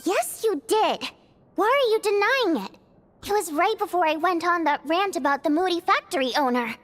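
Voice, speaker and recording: High bouncy voice on a teasing game diva, music behind. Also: female voice, normal speed. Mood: playful. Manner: teasing, lively, chatty. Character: playful proud young female stage star. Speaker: stage performer character.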